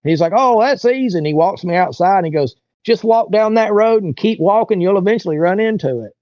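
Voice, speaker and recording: A man with a fairly high speaking voice tells his story as an interview guest. He rambles and jumps into the voices of the people he met. The sound is dull and lo-fi, with a dry, close feel. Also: expressive, a little fast, no echo. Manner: rambling, acts out other people's lines in raised voices.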